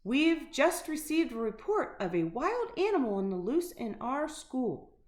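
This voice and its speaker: A woman's voice: high voice, big pitch swings, unhurried, darkish tone, voice pushed up. Woman doing a prim, alarmed teacher. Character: fussy older woman math teacher. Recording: roomy echo.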